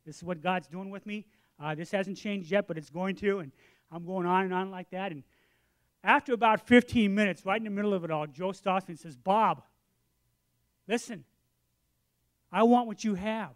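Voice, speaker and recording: A man in his sixties preaching a sermon, telling a story with lively acted-out dialogue, then turning quiet and earnest for the lesson. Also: sits high, normal speed. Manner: animated storytelling, acts out both sides of a conversation.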